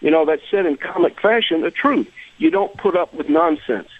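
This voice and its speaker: A man's voice: on the high side, very animated, moderate pace, no echo. A man from the American South calling in to a radio talk show, ranting emphatically and repeating words as he starts his sentences. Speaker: caller. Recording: tinny phone line.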